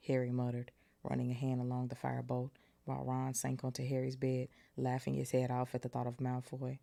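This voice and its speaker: Very low, gravelly woman reading aloud. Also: level tone, brisk, a little mellow. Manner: chatty, joking asides between passages. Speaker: podcast host reading a novel aloud. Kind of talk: casual read-aloud with asides.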